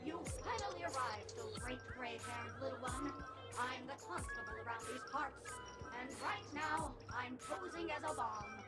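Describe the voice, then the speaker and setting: An actress voicing a theatrical, teasing talking bomb in a game. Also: female voice, high-pitched, moderate pace, close to an everyday voice. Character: playful female bomb that taunts, theatrical. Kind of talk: game voice acting. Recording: distant game audio with loud music.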